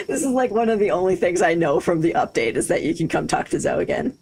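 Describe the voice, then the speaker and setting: A woman's voice: on the low side, animated, normal speed, long pauses, darkish tone, breathy edge, low-quality recording. A woman livestreaming a game, chatting casually, thinking aloud and laughing easily into a desk microphone. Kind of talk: casual gaming commentary.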